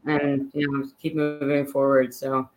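Singer-songwriter lady from pittsburgh, pretty monotone, earnest and upbeat, says like a lot. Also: very deep voice, measured pace, low-quality recording. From Pittsburgh, Pennsylvania. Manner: earnest, upbeat, many fillers. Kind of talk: casual interview chat.

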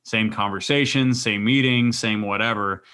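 Bright-voiced man chatting energetically. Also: fairly low pitch, normal speed, smooth. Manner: rambling, energetic, animated storytelling. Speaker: podcast co-host. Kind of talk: casual chat.

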